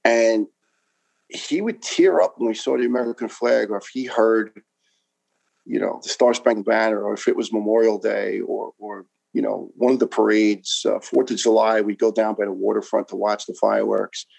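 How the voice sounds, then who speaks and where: A man's voice: lowish voice, fairly even intonation, moderate pace, vocal fry, a little mellow, poor audio. A man in his fifties from New York, a retired firefighter telling his story in an interview with passion, emphasis and frequent restarts.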